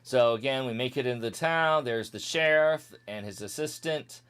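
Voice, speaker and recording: A man's voice: medium pitch, normal speed, fairly bright tone, clean tone. A man streaming a retro game, joking casually and skipping the game's text with strings of blah blah and meow. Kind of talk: casual let's-play commentary.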